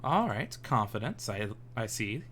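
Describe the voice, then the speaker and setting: A man's voice: medium pitch, sing-song, a little slow, background noise. A man voicing a sly, confident woman traveler with a dry, teasing manner.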